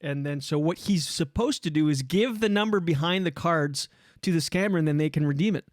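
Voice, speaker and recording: A man hosting a casual podcast who tells stories animatedly and swears freely. His voice sits a little high for a man. The sound is close and dry on a studio mic. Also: fairly quick, no echo. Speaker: podcast host.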